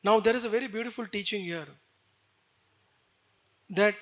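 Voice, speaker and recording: A man telling a devotional story as a sermon, animated and chatty. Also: high voice, normal speed. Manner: animated, chatty, says "you know" often. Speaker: storyteller preacher.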